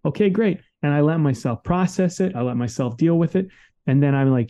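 Mellow-voiced man, candid and emphatic. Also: fairly high pitch, animated, fairly quick. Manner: candid, emphatic, swears freely. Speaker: podcast co-host. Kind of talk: casual conversation.

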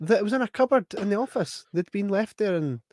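A man's voice: high voice, lively intonation, fast, a little mellow, no echo, studio quality. A man in casual chat, telling a story with lots of laughter and repeated "right?" checks.

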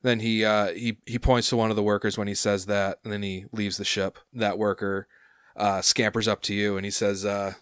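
Guy running a tabletop game, lots of likes and ums, smooth low voice. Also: level tone, normal speed, fairly bright tone, dry recording, studio quality. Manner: rambling, many fillers. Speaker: game master.

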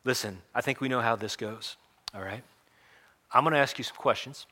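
A man's voice: medium pitch, moderate pace, bright, forceful tone, big-room sound. A man playing a weary, sarcastic Roman governor. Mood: exasperated. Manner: sarcastic, impatient, streetwise. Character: weary blunt middle-aged male Roman governor.

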